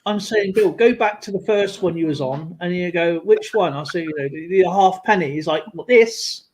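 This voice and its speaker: A man chatting casually on a livestream, rambling through an animated story with lots of fillers. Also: sits high, normal speed, slight background noise, rough recording. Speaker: guest on a livestream. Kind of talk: casual chat.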